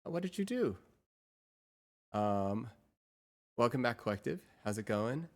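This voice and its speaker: A woman's voice: a bass voice, very animated, slow pace. A woman streamer chatting casually with her viewers through a real-time AI voice changer, muttering to herself while she sets up her screens. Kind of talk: casual live-stream chat.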